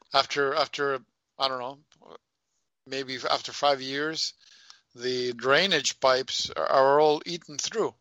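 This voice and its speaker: A man's voice: medium pitch, sharp tone, no room sound. A man co-hosting a radio talk show, asking questions and musing in casual chat. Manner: asks questions, thinks aloud with pauses.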